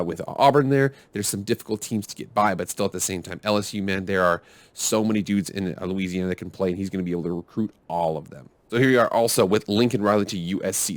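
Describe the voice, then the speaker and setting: A low-voiced man talks fast through casual sports commentary, restarting his sentences and arguing both sides with himself. The sound is dry and close. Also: no echo. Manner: rambling, self-arguing, restarts often. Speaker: sports video host.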